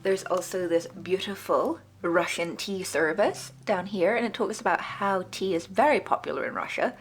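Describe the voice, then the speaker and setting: A woman vlogging a casual magazine review, chatty and enthusiastic, her pitch jumping up when she gets excited. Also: moderate pace. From Britain. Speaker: book club vlogger.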